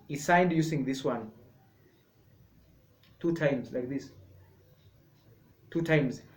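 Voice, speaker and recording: A man teaching a sign language lesson, explaining each sign slowly and repeating words step by step. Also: mid-range voice. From Kenya. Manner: slow, repetitive, explaining step by step. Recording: echoey room.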